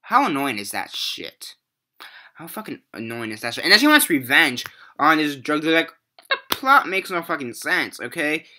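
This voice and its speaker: A man's voice: a little high, sing-song, moderate pace, sharp tone. A young man casually reviewing movies in a rambling, profane, exasperated rant.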